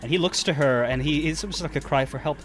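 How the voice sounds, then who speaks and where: A man's voice: fairly high pitch, fast, crowd noise. A man narrating a tabletop game as game master, rambling and restarting his sentences, with music playing behind him. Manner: rambling, many restarts and fillers.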